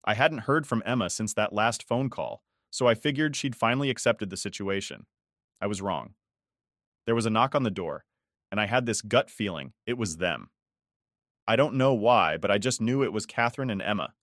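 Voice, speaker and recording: A man's voice: lowish voice, expressive, moderate pace, a bit bright, no room sound, clean studio sound. A man in his forties narrating a first-person story in a weary, resentful way.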